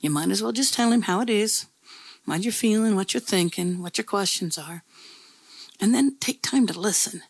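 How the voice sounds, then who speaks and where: A woman's voice: medium pitch, normal speed, slightly rough, no room sound. A woman pastor preaching a sermon in a conversational, folksy storytelling way, with repeated phrases.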